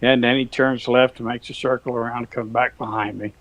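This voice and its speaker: A man's voice: mid-range voice, little pitch movement, a little fast, fairly bright tone, dull audio, a little hiss or hum. Folksy, chuckling rancher man. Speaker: guest, cattle rancher. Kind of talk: casual storytelling.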